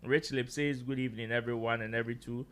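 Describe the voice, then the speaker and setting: A man's voice: medium pitch, steady tone, fast, clear, resonant tone. A Ghanaian man hosting a casual panel chat, mixing English and Twi and reading out viewer comments. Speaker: show host.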